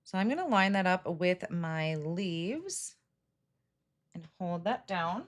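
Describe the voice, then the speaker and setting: A woman's voice: fairly low pitch, sing-song, slow pace, a little hiss or hum. A chatty middle-aged woman hosting a live card-making demo, greeting viewers by name and laughing at her own slips. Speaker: craft livestream host. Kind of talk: casual live crafting demo.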